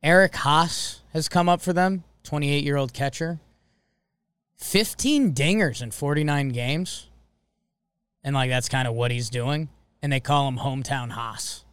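A man co-hosting a sports podcast in casual, excitable chat. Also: fairly high pitch, measured pace, clear, resonant tone, no echo. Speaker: podcast co-host.

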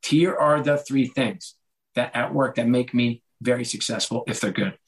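Male interview guest, mid-pitched, candid and self-deprecating, acts out quoted dialogue in his anecdotes. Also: moderate pace, poor audio. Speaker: guest, author and former sports executive. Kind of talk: conversational podcast interview.

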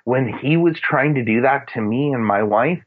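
A man's voice: mid-range voice, moderate pace. A man sharing earnest, rambling faith-based parenting advice in casual chat, with plenty of fillers. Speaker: Christian parenting guest. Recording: phone-like narrow radio sound.

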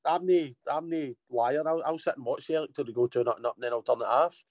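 A man's voice: mid-range voice, fast, a little mellow, no echo. Blunt Scottish man, dry close sound. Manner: blunt, sweary complaining. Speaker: guest football fan. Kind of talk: casual football chat.

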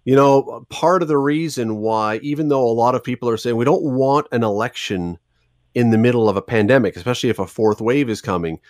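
A man hosting a radio show, chatting casually and spinning playful, drawn-out stories. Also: mid-range voice, a little mellow, no room sound, clean studio sound. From Canada. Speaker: radio host.

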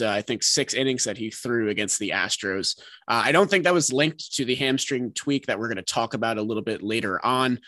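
Bright-voiced man rattling off stats. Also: mid-range voice, no echo. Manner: quick, energetic, stat-heavy. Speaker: podcast host. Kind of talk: casual sports chat and host-read ad.

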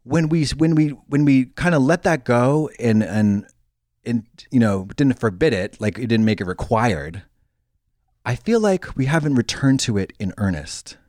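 A man co-hosting a podcast, in casual chat that rambles with halting restarts. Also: dry recording, clean studio sound. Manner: rambling, halting restarts, lively pitch swings. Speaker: podcast co-host.

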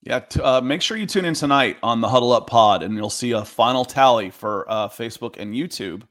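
A man's voice: medium pitch, fairly quick, a bit bright. A man co-hosting a sports podcast, chatty and given to storytelling asides. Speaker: podcast co-host. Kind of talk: casual sports talk. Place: Atlanta.

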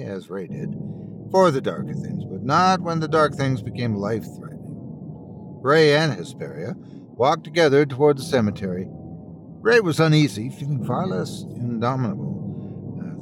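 A man narrating a scripted horror story in a slow, dramatic storytelling manner. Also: medium pitch, very animated, noisy background.

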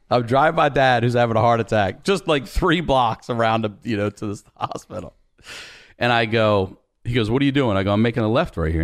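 Brief: man in his 40s, low voice, dry close mic, lively storyteller who acts out voices. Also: dry recording. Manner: animated storyteller, acts out dialogue, swears freely. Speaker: podcast guest. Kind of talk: storytelling in casual conversation.

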